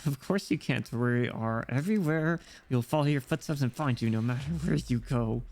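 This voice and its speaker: A man's voice: medium pitch, normal speed, darkish tone, close to an everyday voice. A man doing a menacing gang enforcer. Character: menacing male gang enforcer, cold and threatening. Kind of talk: reading game story aloud in voices.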